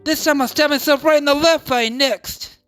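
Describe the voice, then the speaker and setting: A woman doing a stubborn calm young man. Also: sits high, normal speed, faint music behind. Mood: firm.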